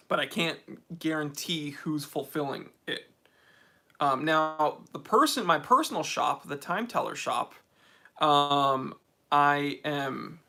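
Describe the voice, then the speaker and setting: A man's voice: fairly high pitch, gravelly, sharp tone. A man with an American accent hosting a casual livestream Q&A, chatty and opinionated, with many fillers. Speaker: watch channel host.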